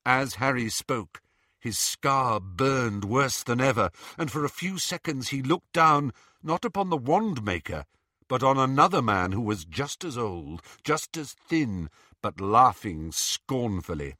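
Expressive male audiobook narrator, dry sound. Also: mid-range voice, no room sound. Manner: expressive, measured.

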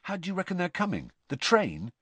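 A man voicing a curious, restless teenage schoolboy who speculates quickly. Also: high-pitched, wildly swooping pitch, a bit bright, slightly rough, dry recording, pitched above the performer's own voice, heavily acted.

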